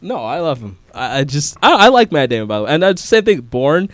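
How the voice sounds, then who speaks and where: A man's voice: fairly high pitch, sing-song, fast talker, a bit bright, no echo, clean studio sound. A man co-hosting a casual chat, rambling and playful, hedging with lots of "like". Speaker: co-host.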